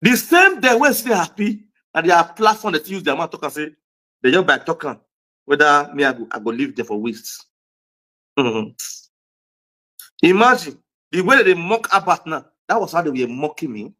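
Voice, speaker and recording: A man's voice: on the high side, expressive, moderate pace, pauses often, bright, forceful tone. A man with a Nigerian accent giving a heated, repetitive vlog rant as a social media commentator, scolding his viewers. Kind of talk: ranting vlog monologue.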